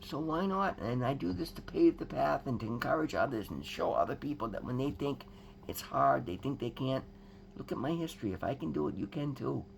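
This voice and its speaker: Gravelly, earnest man talking to viewers. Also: medium pitch, big pitch swings, brisk, slight background noise. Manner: earnest, rambling, emphatic; addresses viewers as guys. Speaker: recovery vlogger. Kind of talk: personal testimony to viewers.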